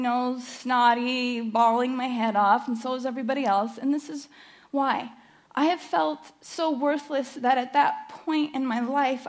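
A middle-aged woman giving a personal testimony at church, nervous and emotional, halting with fillers. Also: high-pitched. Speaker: church speaker sharing testimony.

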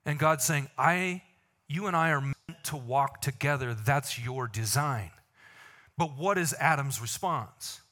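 A man preaching a sermon to a congregation, animated, with joking asides and slow, emphatic lines. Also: mid-range voice. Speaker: pastor.

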